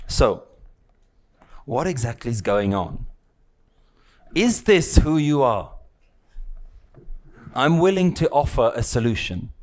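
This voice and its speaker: A man leads a spiritual lesson for a live audience in a relaxed, conversational way. His voice sits at an ordinary middle pitch. He teases his listeners and keeps checking in with short questions. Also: slow, long pauses. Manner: conversational, teasing, keeps checking in with "yeah?" and "right?". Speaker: spiritual teacher.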